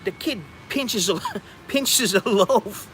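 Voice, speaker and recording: American male vlogger, slightly high voice, animated storyteller, faint street noise behind. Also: takes it slowly. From United States. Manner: animated, bursts into high-pitched laughter and acted-out exclamations. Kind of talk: casual storytelling livestream.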